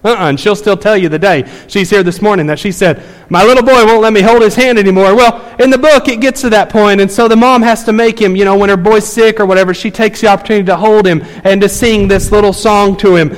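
Speaking fast with hardly any pauses, a pastor in his thirties uses his high voice to tell a family story in a conversational sermon full of fillers. He's in a church sanctuary, and the sound has long hall reverb.

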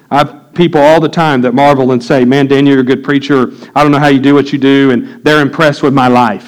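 A man's voice: medium pitch, low-quality recording. A middle-aged man preaching a sermon, telling a candid personal story that builds to impassioned preaching. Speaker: pastor.

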